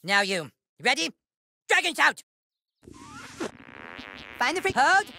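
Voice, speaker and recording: A man's voice: very high voice, sing-song, slow, gravelly, exaggerated voice. A man voicing a bossy, scheming boy who plays a wizard leader, talking in a pompous, commanding way in a video game. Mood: coaching. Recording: game audio over loud music.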